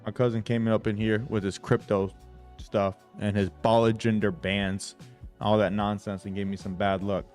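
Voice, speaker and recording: A man's voice: lowish voice, little pitch movement, moderate pace, a little mellow, faint music behind. A young man hosting a trading livestream, talking brashly to his chat, swearing often and hyping himself up.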